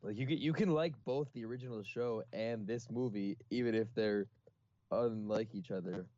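A man co-hosting a podcast in a casual chat, teasing with deadpan counterpoints. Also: on the low side, normal speed, lo-fi sound. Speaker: podcast co-host.

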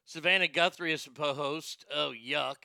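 A man with a high, bright voice and a gravelly edge hosts a casual commentary show. He talks bluntly and swears freely, joking his way through posts he reads aloud. The sound is smooth and dry. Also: steady tone, normal speed, dry recording. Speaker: show host.

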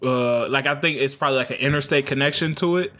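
A man's voice: medium pitch, fast, a crowd in the background. A young man co-hosting a podcast, joking around in loose, profane banter. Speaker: podcast co-host. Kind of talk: casual chat.

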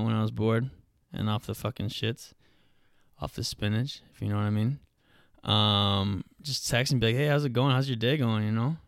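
A man's voice: medium pitch, clear, resonant tone, no room sound, studio quality. A young man hosting a solo podcast, rambling and joking with heavy profanity and slang. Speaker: podcast host.

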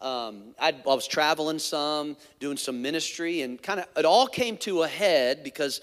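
A man preaching from the pulpit, his voice a touch higher than most, tells a personal story in a candid, conversational way. He drifts into friendly asides as he goes. The sound carries the long reverb of a large church hall. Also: normal speed, a bit bright. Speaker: pastor. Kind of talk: storytelling sermon.

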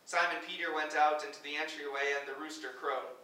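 A man, a pastor, reading Scripture aloud at a worship service in a measured way, lifting his voice for quoted speech. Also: on the high side, steady tone, bright, forceful tone. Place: church sanctuary. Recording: very echoey church, voice from far off.

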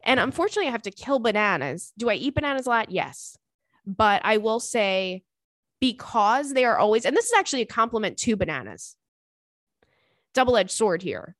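A young woman hosting a podcast in casual chat, animated and profane, laughing often between thoughts. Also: on the high side, a little fast, no room sound, clean studio sound. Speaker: podcast host.

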